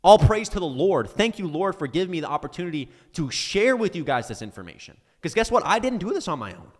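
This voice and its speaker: Man, trading mentor, heated profane live-stream rant, stumbling restarts, swooping animated pitch, long reverb trailing his words. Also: fast talker. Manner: intense and profane, swearing often, stumbling over restarts.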